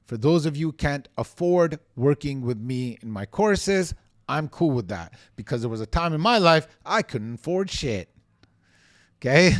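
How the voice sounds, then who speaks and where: A man coaching on real estate sales in a motivational teaching monologue, energetic, emphatic and given to ranting. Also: mid-range voice, no echo, clean studio sound.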